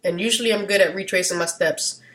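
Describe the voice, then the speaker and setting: A woman vlogger talking casually, wandering off into side rants, losing her train of thought, and getting loud at times. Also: on the low side, fast. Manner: animated, gets loud at times. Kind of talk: casual rambling monologue.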